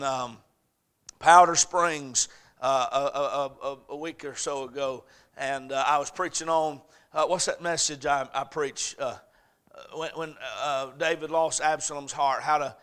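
A middle-aged preacher man delivers his sermon in a high, ringing voice. He drives his points home with force, then falls soft and quiet when he tells a story. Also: clear, resonant tone. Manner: emphatic, swinging between loud urgent points and soft storytelling.

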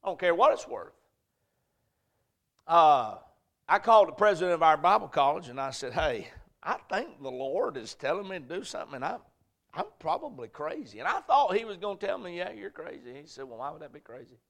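Southern pastor telling folksy stories. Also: male voice, fairly high pitch, sing-song, a little fast, gravelly. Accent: Southern American. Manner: folksy, rambling, swings between quiet and loud. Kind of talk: sermon storytelling. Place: church.

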